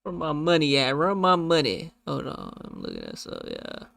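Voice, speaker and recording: Slangy guy on a stream, kinda high gravelly voice, dry close sound. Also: wildly swooping pitch, moderate pace, pushed and bright, dry recording. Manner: slangy, laughs often, loose and joking. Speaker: streamer reacting to clips. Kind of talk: casual reaction stream chat.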